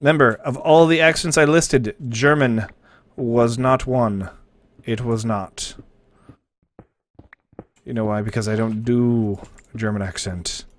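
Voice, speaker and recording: A man's voice: mid-range voice, fairly even intonation, takes it slowly. Joking man chatting with his stream. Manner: joking, rambling, easily distracted by chat. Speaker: livestream host. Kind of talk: casual chat with viewers while gaming.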